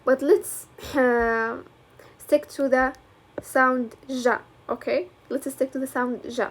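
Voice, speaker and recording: A woman teacher walks through a lesson step by step. She talks in a fairly high voice. She moves easily between English and colloquial as she explains. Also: steady tone, slow, slight background noise. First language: Arabic.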